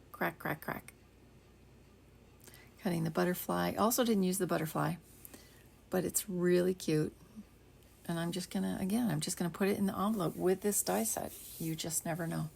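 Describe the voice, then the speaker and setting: An older woman chatting casually while she demonstrates card making at her craft desk, rambling along and dropping into soft half-whispered asides. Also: on the low side, creaky, slightly rough. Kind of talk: casual crafting tutorial chat.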